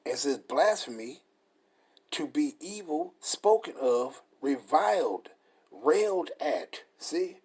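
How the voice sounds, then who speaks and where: Husky-voiced emphatic male preacher. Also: mid-range voice, lively intonation, measured pace, a little mellow. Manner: emphatic, repetitive, reads definitions aloud. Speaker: street preacher. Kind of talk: scripture study sermon.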